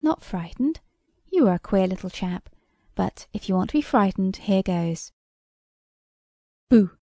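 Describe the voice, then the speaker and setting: A sturdy young boy speaks bluntly and boldly, voiced by a woman reading aloud. The voice has a gravelly, mellow edge and a dry, close sound. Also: medium pitch, expressive, normal speed, no room sound. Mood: teasing. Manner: blunt, plucky.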